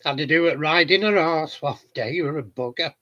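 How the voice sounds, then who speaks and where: Recorded with a lo-fi sound in his home garden shed, a middle-aged Yorkshire vlogger briskly answers viewers, swapping cheeky anecdotes in casual conversation. He's a hobbyist, and his voice is a little high.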